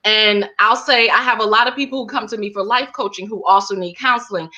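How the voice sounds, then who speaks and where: A woman's voice: medium pitch, brisk, bright, forceful tone. A woman guest on an interview, telling her story casually and packing her speech with fillers like "like" and "you know.". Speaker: guest, holistic healer and counselor. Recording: dull lo-fi sound.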